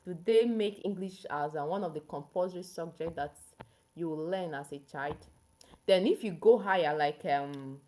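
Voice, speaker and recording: A young woman with a Nigerian accent hosts a casual livestream, talking straight to a viewer and explaining things at length. Her voice sits a little low. She keeps a chatty, easygoing flow. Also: moderate pace, a little mellow. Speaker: livestream host.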